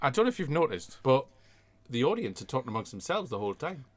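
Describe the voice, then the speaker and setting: A man's voice: medium pitch, sing-song, fast. A man co-hosting a casual comedy chat, telling the story with mock outrage and lots of swearing. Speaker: podcast co-host. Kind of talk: casual comedic chat reviewing an old TV show.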